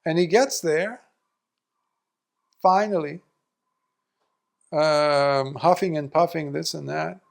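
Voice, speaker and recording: Gravelly-voiced monk telling a story. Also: male voice, slow pace, long pauses. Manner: animated storyteller, acting out quoted speakers with big jumps in pitch and loudness. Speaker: Buddhist monk teacher. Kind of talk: Dharma talk, storytelling.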